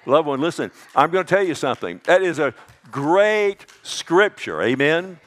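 Impassioned pastor swinging loud to whisper. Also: male voice, a little high, very animated, moderate pace, soft background music. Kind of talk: sermon.

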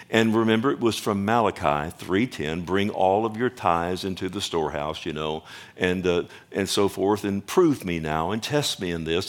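A middle-aged man preaching a sermon as a pastor, talking loosely with restarts, often checking with the congregation, and building up louder and higher as he goes. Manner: rambling, repeats himself, asks the congregation "amen?".

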